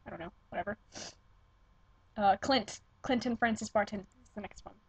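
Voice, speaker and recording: A young vlogger sits at home talking offhandedly to her computer webcam, its built-in mic giving a rough recording. Her medium-pitched voice is a little mellow with a breathy edge, moving at a moderate pace as she gushes, curses and keeps interrupting her own rambling.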